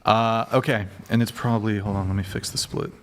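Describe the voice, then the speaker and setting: A man's voice: fairly low pitch, steady tone, fairly quick, fairly bright tone, a little hiss or hum. A man hosting a provocative panel chat, crude and joking, often restarting his sentences. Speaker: host.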